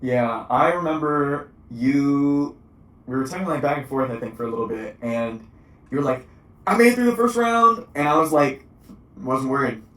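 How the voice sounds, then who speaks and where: A man's voice: mid-range voice, moderate pace, fairly bright tone. A man chatting casually with a friend in a laid-back, supportive, rambling way. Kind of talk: casual chat. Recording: echoey, distant mic.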